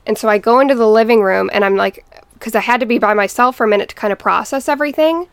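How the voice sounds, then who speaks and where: A young woman guest telling a painful personal story in a podcast interview, halting and restarting as she recalls what happened. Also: fairly high pitch, vocal fry, clean tone, dry recording. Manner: halting, restarts, quotes family members.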